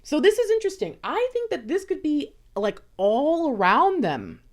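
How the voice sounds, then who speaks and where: A woman's voice: high voice, wildly swooping pitch, moderate pace. A woman giving a casual tarot card reading, chatty, often acting out little conversations in other voices. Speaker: tarot reader.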